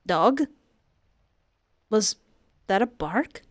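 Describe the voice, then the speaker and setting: Woman reading a story, excited asides. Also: medium pitch, unhurried, noisy background. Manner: breaks off into excited, squealing asides. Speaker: story reader. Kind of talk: reading a story aloud with reactions.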